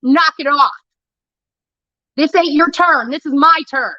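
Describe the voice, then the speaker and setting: A woman's voice: high-pitched, unhurried, no room sound, dull audio. A woman streamer delivering a heated, profane rant about a falling-out with a friend, talking straight into a close mic. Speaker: livestreamer. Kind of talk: ranting livestream monologue.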